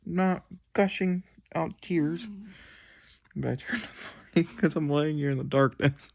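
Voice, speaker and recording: A man's voice: on the high side, measured pace, gravelly, muffled recording. A young man rambling emotionally about a novel in a casual reading vlog from his bedroom at night, swearing freely. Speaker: book vlogger.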